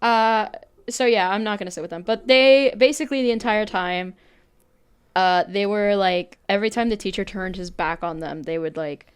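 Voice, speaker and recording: A woman's voice: mid-range voice, moderate pace, clean tone, no echo. Blunt, swearing young woman co-host. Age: young adult. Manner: blunt, swears freely, rambling storytelling. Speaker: podcast co-host. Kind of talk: casual chat.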